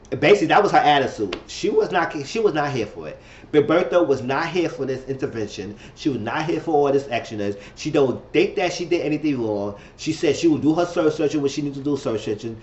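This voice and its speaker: A man casually recapping a reality TV episode in a slangy, animated way. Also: on the high side, brisk, roomy sound, lo-fi sound. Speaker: TV show reviewer.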